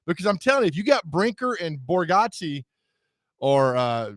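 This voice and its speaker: A man co-hosting a sports radio show, bantering and joking in a casual, animated way. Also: fairly high pitch, normal speed, no room sound, clean studio sound.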